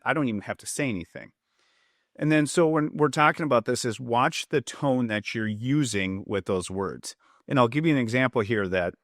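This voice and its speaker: A man's voice: medium pitch, a bit bright, no echo, clean studio sound. A man, a public safety trainer and former police officer, explaining points in a podcast interview and acting out quoted lines to show tone, with an Upper Midwest American accent.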